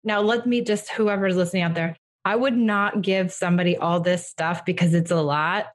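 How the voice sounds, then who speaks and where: Lady parenting coach, lowish voice, direct and reassuring, acts out what to say to kids. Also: steady tone, moderate pace. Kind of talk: advice session.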